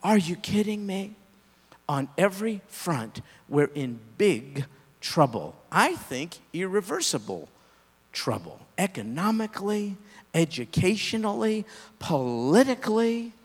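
A man with a high, animated voice preaches a sermon. He is emphatic, swinging between raised peaks and hushed endings. The sound carries the long reverb of a church hall. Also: a little slow, breathy edge. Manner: emphatic, rising and falling preaching delivery. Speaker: pastor.

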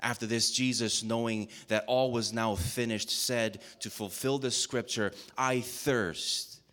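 Deep-voiced man reading scripture solemnly. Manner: measured, reverent reading with slowed emphasis; announces each passage in a dropped, quiet voice. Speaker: scripture reader.

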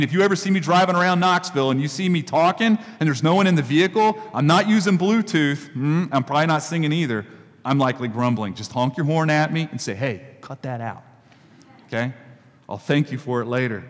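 Guy preaching a sermon, chatty, repeats lines for emphasis, big echoey church. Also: mid-range voice. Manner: conversational, repeats key phrases for emphasis. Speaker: pastor.

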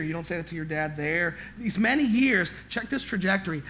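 A man preaching a sermon as pastor, emphatic, swinging from quiet to loud, stammering and repeating words when he gets worked up. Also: sits high, lively intonation, moderate pace, hardly any pauses.

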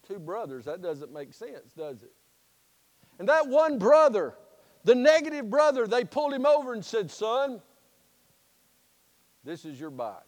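A high-voiced male pastor preaches with folksy, animated storytelling. His voice rings out through a church sanctuary with a long, echoing reverb. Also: normal speed. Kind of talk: sermon with storytelling.

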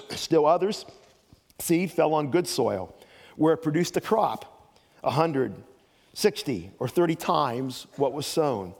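A man's voice: medium pitch, darkish tone, long reverb tail. An older man preaching a sermon as pastor, telling folksy stories with joking asides.

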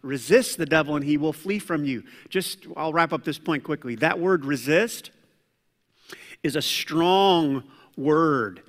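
A man preaching a sermon as pastor, animated, swinging between loud preaching and quiet asides. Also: fairly high pitch, unhurried. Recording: long hall reverb.

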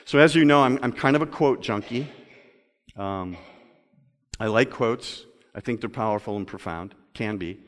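Pastor preaching, male, mid-pitched, slows down and gets quiet for readings, long reverb of a big sanctuary. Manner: swings from loud emphatic passages to quiet, slow reflective reading. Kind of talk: sermon. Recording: long reverb of a large hall.

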